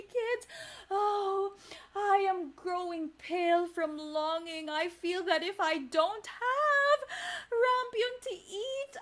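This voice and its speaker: A woman voicing a tearful, overjoyed young expectant mother in a children's story, talking breathlessly and weepily. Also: very high voice.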